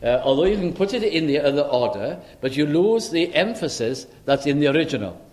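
Preaching an expository sermon, this man is earnest and measured, often stopping on "uh" as he moves through the passage. He sounds on the high side, animated, with a darkish tone.

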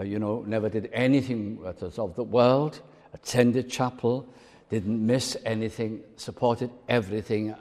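A man preaching a sermon in an emphatic way, swinging between strong declarations and quiet asides. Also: mid-range voice. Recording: long reverb of a large hall.

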